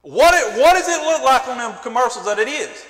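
A man's voice: extremely high pitch, animated, brisk, a bit bright. A man preaching a sermon in a church, driving his points home with repeated questions. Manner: fervent preaching with rhetorical questions. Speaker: pastor. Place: church sanctuary. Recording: echoey church hall.

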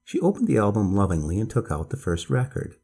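A man calmly reading a bedtime story aloud as narrator, in a measured storytelling voice. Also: fairly low pitch, slightly rough.

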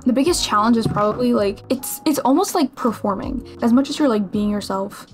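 A 21-year-old woman from Massachusetts, a streamer answering viewer questions in a casual vlog, chatty and playfully self-mocking. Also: on the high side. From Massachusetts, USA.

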